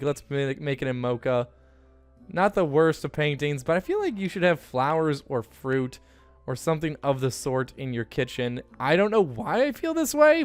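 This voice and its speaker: A man giving casual, chatty commentary while playing a life-simulation game, getting excited and jumping up in pitch when something good happens. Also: clear, resonant tone. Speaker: gaming YouTuber. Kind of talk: casual let's-play commentary.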